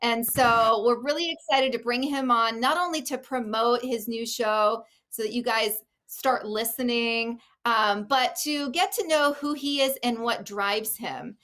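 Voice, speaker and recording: A woman's voice: fairly high pitch, a little slow, hardly any pauses, fairly bright tone. A woman hosting a live talk show, chatty and casual, often laughing and reacting to viewer comments. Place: Oregon.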